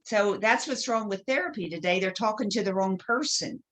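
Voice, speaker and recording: A woman's voice: medium pitch, brisk, a bit bright. A woman guest in a spiritual interview who tells her stories with feeling and acts out the voices of people she quotes. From Polish family background.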